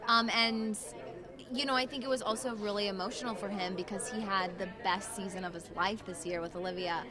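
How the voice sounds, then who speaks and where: A young woman, a professional dancer, telling an animated story as an interview guest, laughing as she talks. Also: medium pitch, a little fast. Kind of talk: excited storytelling. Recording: clear crowd chatter behind.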